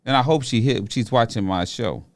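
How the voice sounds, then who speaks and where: A man hosting a podcast interview, chatty and animated, calling out encouragement to his guest. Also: medium pitch, normal speed. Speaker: podcast host. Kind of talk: casual interview.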